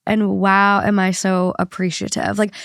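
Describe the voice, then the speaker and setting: A woman's voice: medium pitch, little pitch movement, unhurried, a bit bright, clear, resonant tone, no room sound, clean studio sound. A woman hosting a podcast in casual chat, congested and stuffy, talking emotionally and swearing casually. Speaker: podcast host.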